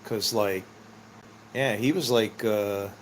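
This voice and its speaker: A man's voice: lowish voice, slow, a little hiss or hum. A middle-aged man telling rambling personal stories in a casual, meandering way, laughing often and swearing freely. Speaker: vlogger.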